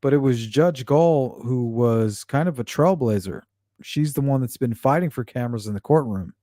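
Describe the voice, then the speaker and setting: A man's voice: medium pitch, moderate pace, dark tone, dry recording, studio quality. A man hosting a true-crime livestream, chatting casually and reading out viewer comments, blunt and often profane. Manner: blunt and profane, with frequent fillers.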